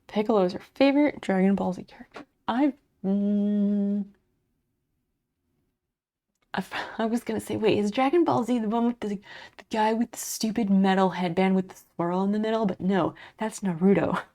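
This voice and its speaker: A woman's voice: medium pitch, fairly even intonation, moderate pace, dark tone. A woman streamer chatting casually with her viewers while she crochets, muttering and swearing under her breath as she works. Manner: chats back to viewers' messages.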